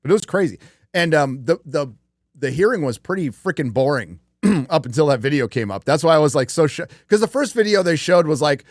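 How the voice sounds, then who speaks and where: A man's voice: on the high side, lively intonation, a little fast, dry recording, clean studio sound. A man hosting a livestream show, talking casually in a rambling, profane way with many fillers. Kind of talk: casual chat.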